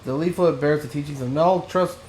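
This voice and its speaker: A man's voice: a little high, fairly quick, a little mellow, echoey room, a little hiss or hum, natural voice, low-quality recording. A man voicing a cowardly male merchant who posed as a priest, reading his lines from a game. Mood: solemn.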